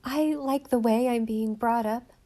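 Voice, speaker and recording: A timid little girl, as a woman puts her on, speaking haltingly and politely. Her replies come out small and hesitant, a young storybook heroine who would rather be elsewhere. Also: fairly high pitch, mellow, natural voice. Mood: shy and polite. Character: shy, dreamy young girl.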